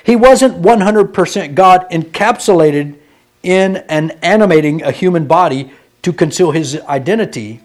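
Male preacher, slightly raised pitch, folksy storyteller, goes from loud to hushed. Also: normal speed. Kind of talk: sermon.

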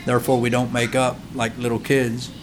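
A man's voice: mid-range voice, completely flat delivery, normal speed, a little hiss or hum. A male pastor preaching a sermon, asking rhetorical questions, building to emphatic peaks and acting out quoted voices. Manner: acts out children and parents in quoted voices.

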